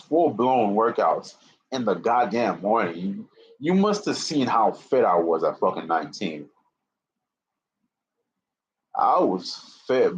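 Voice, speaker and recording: A young man in his late twenties talks on a live stream in a low voice, cursing constantly and circling back over his own words. He sounds slightly winded, and the audio is dull and muffled. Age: 20s. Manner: profane, repetitive, restarts often. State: slightly out of breath. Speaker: livestreamer. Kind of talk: rambling live-stream monologue. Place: indoor room with a fan.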